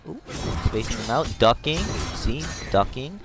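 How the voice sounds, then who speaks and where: A male streamer giving casual live commentary on replays, slangy and excitable, jumping to shouts at tense moments. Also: mid-range voice, unhurried. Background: music.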